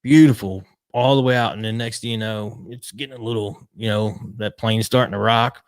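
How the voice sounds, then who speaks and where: A man tells a story in a fairly low voice, animated and slangy. He acts out what others said and curses freely. The sound is close and dry. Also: fairly quick, clear, resonant tone, no echo. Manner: animated, acts out quotes, swears casually. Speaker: retired pit crew member, guest. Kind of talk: casual storytelling.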